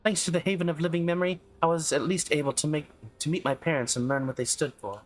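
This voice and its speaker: An earnest young woman investigator speaks in a raised, measured voice, as a man reads her lines from a game. Her delivery is careful and sincere, set over faint game music. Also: a little high, fairly even intonation, pitched above the performer's own voice, natural voice. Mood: reassuring. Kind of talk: reading game dialogue aloud.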